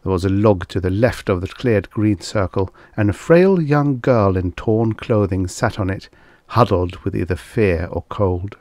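A man's voice: on the low side, a little slow, darkish tone, dry recording, studio quality. A man reading vintage science fiction aloud as an audiobook narrator, telling the story expressively. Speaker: audiobook reader.

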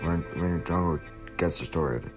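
A man's voice: low voice, normal speed, close to an everyday voice. A man voicing a brash young male tiger hero in a plush puppet show, trash-talking his foes. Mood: gentle. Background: music.

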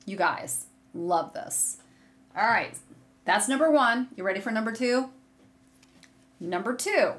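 A woman hosting a knitting video podcast from a room at home, chatting casually and gushing excitedly to viewers as she shows yarn. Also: fairly high pitch, a little slow, pauses often. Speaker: podcast host. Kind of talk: casual chat showing yarn on camera. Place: home room with a curtain behind her. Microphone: desk setup facing a monitor.

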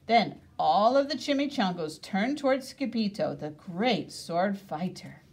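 A woman reading a picture book aloud for kids, expressive and sprinkled with playful Spanish words. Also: medium pitch, unhurried. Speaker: reader.

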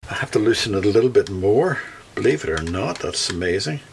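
Northern Irish luthier, low voice. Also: male voice, expressive, a little fast, gravelly, a little hiss or hum. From Northern Ireland. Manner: thinks aloud while working, self-correcting. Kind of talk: workshop tutorial, talking through repairs.

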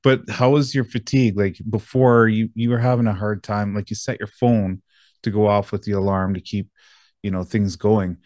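A man hosting an interview, asking questions in a halting way with many restarts. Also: fairly low pitch, level tone, darkish tone, dry recording, clean studio sound. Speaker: podcast host. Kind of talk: casual interview.

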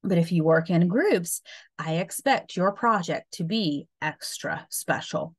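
A woman's voice: fairly low pitch, a little slow, husky. A woman voicing Mrs. Kelly, a firm female schoolteacher giving instructions.

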